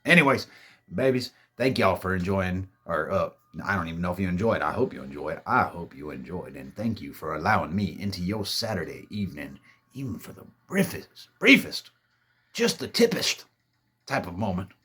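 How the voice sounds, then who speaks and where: A man's voice: low-pitched, brisk, breathy edge. A man casually telling a ghost story to his listeners, swearing freely and calling them babies. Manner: profane, animated storytelling, calls listeners babies.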